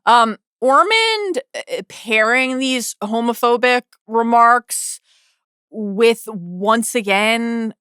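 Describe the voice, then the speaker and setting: A woman co-hosting a podcast in casual chat, eager, agreeing readily and quick to laugh. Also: a little high, animated, bright, forceful tone, clean tone, no room sound, studio quality. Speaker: podcast co-host.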